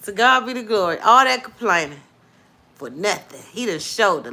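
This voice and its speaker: Bright-voiced preachy woman host. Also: medium pitch, normal speed. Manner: lively, preachy, praising God between chatter. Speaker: live-stream host. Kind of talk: casual chat with viewers and callers.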